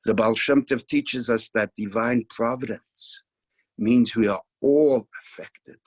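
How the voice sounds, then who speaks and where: Slow, husky male storyteller. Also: mid-range voice, no room sound. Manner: unhurried, reenacts dialogue, drops to near whisper at tender moments. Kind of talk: spoken storytelling.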